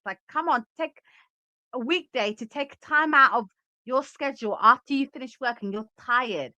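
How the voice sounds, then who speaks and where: A woman talks straight to her viewers in casual livestream commentary, opinionated and emphatic as she reacts and reads out the chat. Her voice is bright and forward, and the recording is dry and close with no room sound. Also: a little high, no room sound. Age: adult.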